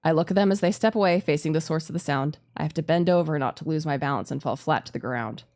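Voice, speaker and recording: A woman streamer reading a visual novel aloud and reacting with giggly, expressive commentary. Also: sits low, quick pace.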